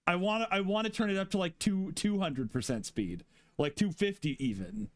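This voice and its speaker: A man's voice: sits high, expressive, normal speed, no room sound. A man streaming and chatting casually with a friend, laughing often and rambling through restarts. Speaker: streamer ranking fan fiction chapters.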